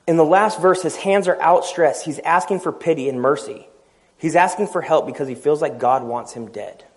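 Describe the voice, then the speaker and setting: A man's voice: on the high side, moderate pace. A man preaching a sermon, telling a personal story, acting out the dialogue and laughing at himself.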